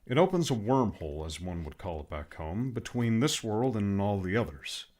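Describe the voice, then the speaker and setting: A patient but fussy friend explains things and scolds mildly, as a man puts him on. The voice is a bit low and lively in its pitch. It comes from a one-narrator audiobook. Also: moderate pace. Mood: explaining.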